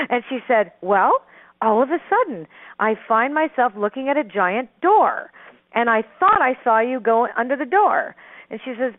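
A middle-aged woman telling a personal story as a caller, animated and rambling, with restarts and frequent laughs. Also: fairly high pitch, no echo. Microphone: telephone. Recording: tinny phone line.

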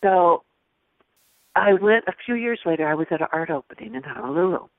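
A woman guest telling a personal story in an animated way, laughing often and restarting her sentences. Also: on the low side, fairly quick, dry recording. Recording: phone-like lo-fi line.

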